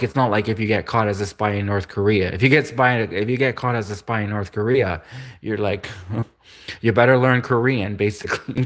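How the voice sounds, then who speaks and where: A man hosting a livestream, rambling in a casual monologue, chuckling often and restarting his sentences. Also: fairly low pitch. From Canada. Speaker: livestream host.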